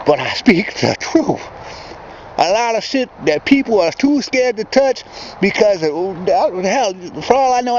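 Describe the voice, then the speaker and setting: A man's voice: high voice, darkish tone, a little hiss or hum. A man from Michigan rambling and ranting in a casual outdoor vlog, filmed at dusk by a yard fence and campfire. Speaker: vlogger. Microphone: handheld camera. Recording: dull lo-fi camcorder audio with faint outdoor ambience.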